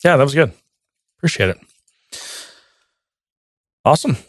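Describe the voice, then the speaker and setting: A man co-hosting a podcast in loose, jokey conversation. He restarts his sentences often and keeps an easy tone. His mid-pitched voice is recorded close and dry. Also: sing-song, moderate pace, fairly bright tone, breathy edge, no echo. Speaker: podcast co-host. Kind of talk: casual podcast chat.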